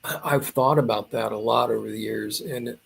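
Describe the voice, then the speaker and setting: A man's voice: lowish voice, fairly even intonation, moderate pace, creaky, slightly rough. A man in his fifties from Indiana, a drummer telling a story as a podcast guest, rambling with many fillers and restarts. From Indiana, USA. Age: 50s. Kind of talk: casual storytelling.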